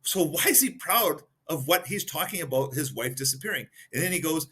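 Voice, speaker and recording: A man's voice: on the high side, lively intonation, brisk, hardly any pauses, sharp tone, slightly rough. A man talking as a guest expert on a podcast, explaining points one by one and giving examples. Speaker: guest expert in behavioral analysis.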